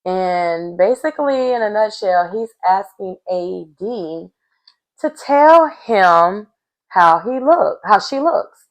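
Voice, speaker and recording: A woman's voice: mid-range voice, lively intonation, slow pace. A woman recapping a reality show in a casual, chatty way, with sassy asides aimed straight at her viewers.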